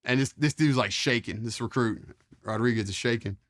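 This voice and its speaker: A man's voice: medium pitch, moderate pace, a bit bright. A man in his forties tells war-service stories in a loose, rambling style. He piles on fillers, drops mild swear words and acts out what others said. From Charlottesville, Virginia, US. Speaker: interview guest, former Marine. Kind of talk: casual storytelling.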